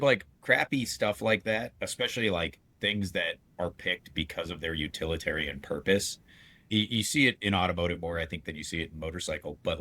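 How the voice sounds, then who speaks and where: A man on a podcast, chatting casually and telling lively stories with slang and frequent laughter. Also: low voice. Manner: animated storyteller, laughs often, slangy. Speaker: podcast co-host. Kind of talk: casual chat.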